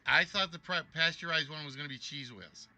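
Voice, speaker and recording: A man's voice: a little high, fairly quick, bright, forceful tone, faint music behind. A man hosting a live-streamed trivia game show, joking and teasing the contestant.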